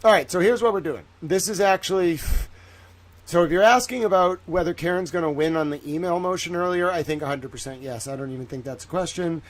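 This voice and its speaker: Male streamer, Southern accent, slightly high, casual and sarcastic. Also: brisk. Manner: chatty, sarcastic, talks to chat by name. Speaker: livestream host. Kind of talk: casual livestream chat.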